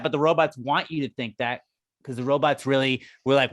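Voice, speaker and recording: A man's voice: mid-range voice, fairly quick. A man co-hosting a podcast, ranting in casual chat with lots of swearing. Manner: profane, excitable, rants with put-on quotes. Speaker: podcast co-host.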